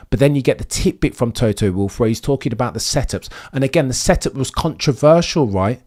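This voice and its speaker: A man commenting on motor racing news in an animated, emphatic rant, speaking directly to his chat. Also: mid-range voice.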